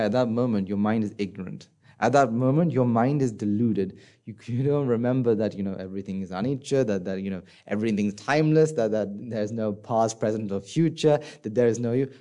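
A man giving a conversational Buddhist dharma talk, often asking the listeners questions and acting out inner voices in a soft, low tone. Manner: conversational, asks the audience rhetorical questions. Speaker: Buddhist teacher.

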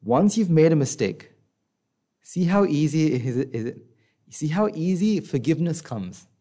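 Guy giving a buddhist talk, relaxed warm voice, keeps asking the crowd questions. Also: moderate pace. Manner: conversational, asks the audience rhetorical questions; acts out inner voices in a soft low voice. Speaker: Buddhist teacher. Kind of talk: dharma talk.

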